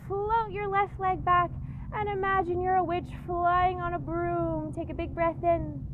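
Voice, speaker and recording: Very high-voiced playful yoga teacher woman. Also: lo-fi sound, slight background noise. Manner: playful, encouraging, slow cues. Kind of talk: guided kids yoga with rhyming story.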